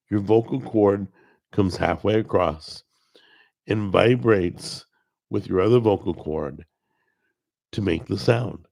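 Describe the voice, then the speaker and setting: A middle-aged man with a gravelly, strained voice talks unhurriedly into a desk mic, rambling in a plainspoken, self-deprecating way. His pitch sits low, with a rough, crackly grain throughout. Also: lively intonation, a little slow, long pauses, darkish tone. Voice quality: gravelly, strained voice from a paralyzed vocal cord. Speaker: cooking show host. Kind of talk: casual chat to camera. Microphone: desk microphone recorded over a video call.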